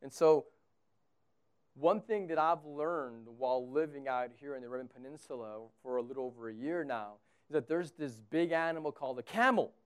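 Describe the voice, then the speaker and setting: A man from Texas preaching a sermon as pastor, talking conversationally and swinging between loud emphatic bursts and quiet low lines. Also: normal speed, clear, resonant tone.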